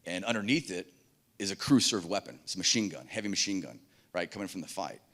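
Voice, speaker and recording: A middle-aged man giving a keynote on a conference stage, telling stories in an animated way and acting out the dialogue. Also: deep voice, fast talker. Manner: animated, acts out dialogue in voices. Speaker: keynote speaker. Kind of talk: keynote storytelling.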